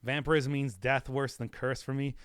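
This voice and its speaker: A man's voice: medium pitch, little pitch movement, moderate pace, a bit bright, a little hiss or hum. A man streaming a video game, chatting casually in a rambling, joking way and laughing often. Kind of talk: casual live-stream commentary.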